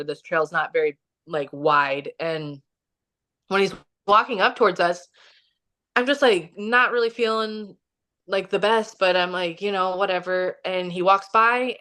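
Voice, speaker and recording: A woman with a somewhat low voice tells a personal story as a podcast guest. Her talk is casual and chatty, filled with "like", and she acts out what people said. She is from Kansas City, Missouri. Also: fairly bright tone. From Kansas City, Missouri, USA. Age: young adult or middle-aged, has a son. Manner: chatty, heavy use of "like", acts out quotes.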